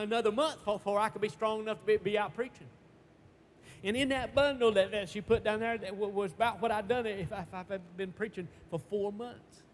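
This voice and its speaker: A high-pitched man preaches a sermon, stumbling over repeated words in plain, folksy speech. He swings from loud bursts to hushed tones. A long reverb trails his voice over a faint background hiss. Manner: emphatic, swinging between shouts and hushed tones.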